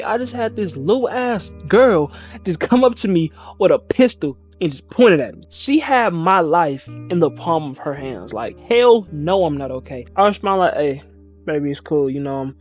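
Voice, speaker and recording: Young guy spinning a wild story, slangy and animated, bit of music under it. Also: fairly high pitch, normal speed. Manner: animated, slangy, acts out voices. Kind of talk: casual storytelling.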